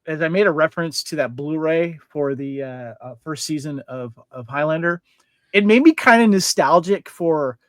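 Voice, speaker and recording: Man co-host, casual podcast chat, fairly high voice, dry close-mic sound, rambling with fillers. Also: normal speed, no room sound. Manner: rambling, many fillers and restarts.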